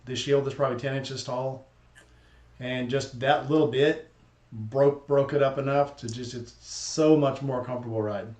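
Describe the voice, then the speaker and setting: A man hosting a casual chat, telling stories in a relaxed, enthusiastic way. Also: mid-range voice, moderate pace, roomy sound. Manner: chatty, relaxed, enthusiastic storytelling.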